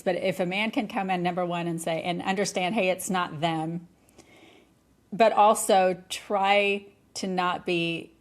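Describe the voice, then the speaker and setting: A middle-aged woman talking candidly on a podcast, animated and often laughing. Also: fairly low pitch, measured pace. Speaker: podcast guest. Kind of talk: conversational podcast talk.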